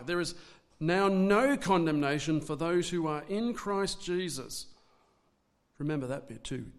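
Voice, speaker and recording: A man preaching a sermon in an earnest way, sometimes restarting words and slowing down for emphasis. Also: a little high. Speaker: pastor.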